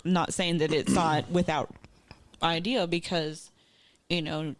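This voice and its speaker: A woman's voice: sits low, fairly even intonation, slow, no room sound. A woman co-hosting a podcast, rambling through casual chat with many fillers. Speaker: podcast co-host.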